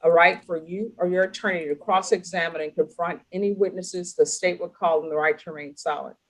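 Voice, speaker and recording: A woman's voice: lowish voice, steady tone, a little fast, poor audio. Woman, judge, stern, firm, formal court hearing, corrective.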